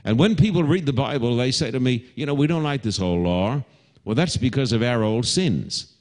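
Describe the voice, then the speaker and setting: A middle-aged Australian man preaching a televised sermon to a live congregation as pastor, animated and mixing homely asides and humor into his preaching. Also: medium pitch, a little fast.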